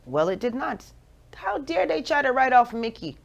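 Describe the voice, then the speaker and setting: A woman in her forties with a Jamaican accent, hosting a radio show with playful, animated motivational talk. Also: sits high, moderate pace, vocal fry. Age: 40s.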